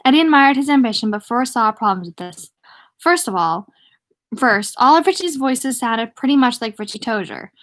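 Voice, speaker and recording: A woman's voice: on the high side, fairly bright tone. A woman reading a novel aloud casually, stumbling on words and stopping to comment. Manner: stumbling, pauses to comment and laugh. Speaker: reader.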